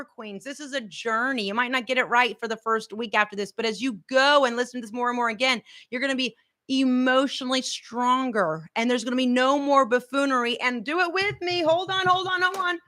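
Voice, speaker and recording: A middle-aged woman life coach giving an energetic motivational master class, emphatic and full of repeated mantras. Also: high voice.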